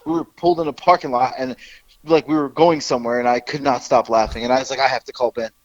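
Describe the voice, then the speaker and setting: A man co-hosting a podcast in casual chat, animated and laughing as he tells stories. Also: medium pitch, quick pace, no echo. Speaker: podcast co-host. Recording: slightly dull lo-fi sound.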